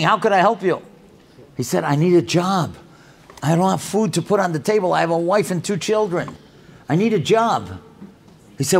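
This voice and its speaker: An older man tells stories at a religious event, acting out each person's lines. His voice sits high for a man and jumps all over the place, rising and dropping with every character he plays. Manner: animated storyteller who acts out dialogue. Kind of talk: storytelling talk.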